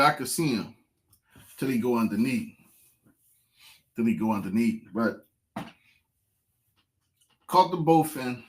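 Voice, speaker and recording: A man, casually telling viewers a fishing story, repeating phrases and getting excited. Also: medium pitch. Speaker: fishing vlogger.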